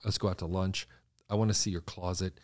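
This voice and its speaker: A man, a designer guest in an interview, telling stories in an animated way and acting out the voices of people he quotes. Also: sits low, fairly quick, dry recording, studio quality. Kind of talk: conversational interview storytelling.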